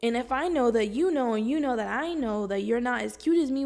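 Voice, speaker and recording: A young woman vlogging from home, giving casual self-help talk to camera in a blunt, slangy, profane and animated way. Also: on the high side, fast, hardly any pauses.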